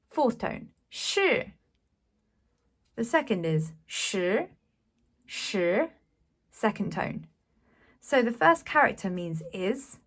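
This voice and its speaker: A woman teaches a beginners' language lesson in an unhurried, measured way. She explains patiently and sounds out each syllable with care, at a middle pitch for a woman. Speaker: Mandarin teacher. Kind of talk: slow, clear language lesson.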